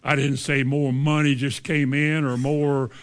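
A man's voice: medium pitch, little pitch movement, measured pace. A man, preaching a sermon with emphatic rises on key lines and quoting scripture. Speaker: pastor.

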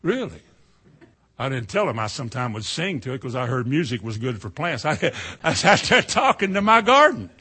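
A middle-aged man preaching a sermon in a folksy storytelling way, dropping to a hush and then rising to loud cries. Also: medium pitch, very animated, normal speed, husky.

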